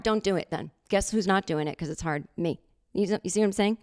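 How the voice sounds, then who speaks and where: A woman hosting a podcast, telling a comic story in a sarcastic, animated way and acting out other people's lines. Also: medium pitch, fairly quick. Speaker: podcast host. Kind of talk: comedic storytelling monologue.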